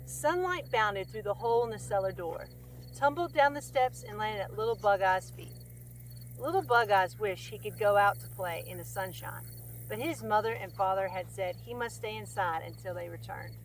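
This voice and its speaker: A woman's voice: mid-range voice, moderate pace, slight background noise. A woman hosting a storytime who reads a children's picture book aloud, friendly and chatty. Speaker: storytime reader and host.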